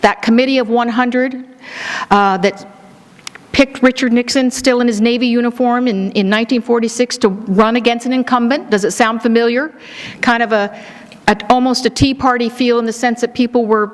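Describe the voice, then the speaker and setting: A woman in her sixties giving a public talk and telling personal stories in a warm, sentimental, gently humorous way. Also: a little high, fairly even intonation, moderate pace. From United States. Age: 60s. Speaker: speaker presenting a book. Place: event hall. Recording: live talk in a reverberant hall.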